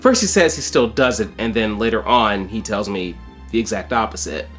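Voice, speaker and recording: A man's voice: lively intonation, moderate pace, a bit bright, soft background music. A young man casually reading out chat logs with sarcastic, mocking asides. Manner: sarcastic, mocking asides with sudden jumps in pitch.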